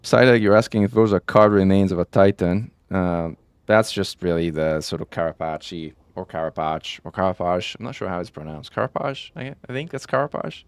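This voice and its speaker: Deep-voiced man rambling on a stream. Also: animated, brisk, gravelly, clear, resonant tone, no echo. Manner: rambling, self-correcting, with frequent "um" and "like". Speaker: game streamer. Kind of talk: casual live-stream chat.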